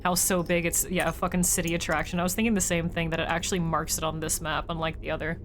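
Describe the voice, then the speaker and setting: A woman's voice: lowish voice, flat delivery, fast talker, a little hiss or hum. A woman streamer chatting casually as she plays, thinking aloud and talking to her viewers. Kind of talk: casual gameplay commentary.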